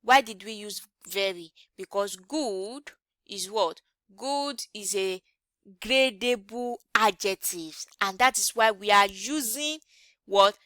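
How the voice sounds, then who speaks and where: A woman's voice: mid-range voice, takes it slowly, bright, forceful tone, dry recording. A woman teaching an English grammar lesson online, often checking in with rhetorical questions.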